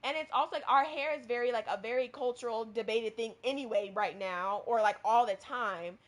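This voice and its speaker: Woman, high voice, casual co-host, animated storyteller. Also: fairly quick. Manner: animated, acts out quoted people. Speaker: podcast co-host.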